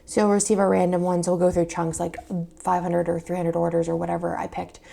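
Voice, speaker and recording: A young woman chatting casually as she plans, rambling and thinking aloud with lots of fillers in a gravelly morning voice. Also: lowish voice, flat delivery, fast, dark tone. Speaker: planner vlogger and shop owner. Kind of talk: casual craft vlog chat.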